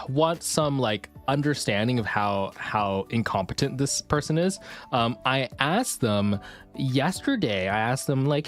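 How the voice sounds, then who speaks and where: Streamer ranting about work on a chill chat stream, voice all over the place, music faint behind. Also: mid-range voice. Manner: animated ranting storyteller.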